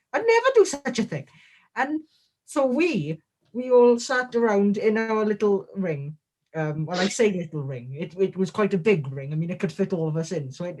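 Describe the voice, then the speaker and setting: A man, a guest on a comedic in-character interview, rambling through absurd jokes in a deadpan way. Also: high voice.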